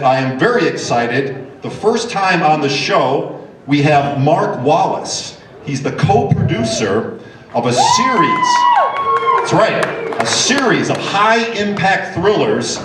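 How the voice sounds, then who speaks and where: A man hosts a live show in a big event hall, his lively pitch rising and falling as he introduces guests. He talks with plenty of hesitant pauses and fillers. He is picked up from a distance, with a strong, boomy echo. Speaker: talk show host. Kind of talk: live stage show hosting. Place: large event hall with audience. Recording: echoey hall from far off.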